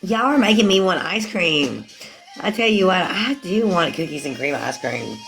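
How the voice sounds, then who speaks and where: A woman's voice: on the low side, expressive, moderate pace, vocal fry, a bit bright, faint music behind, rough recording. A woman rambling casually to her viewers on a live stream, laughing often. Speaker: livestreamer.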